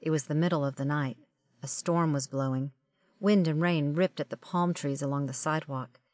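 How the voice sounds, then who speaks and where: Woman, low voice, wry first-person audiobook narration, dry close sound. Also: fairly even intonation, moderate pace, a little mellow, no room sound. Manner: wry, conversational storytelling.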